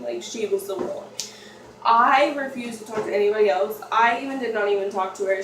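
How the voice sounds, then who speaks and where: A young woman vlogger telling a personal story in a rambling, confessional way, full of fillers and restarts. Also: medium pitch. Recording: echoey room, mic far off, faint noise.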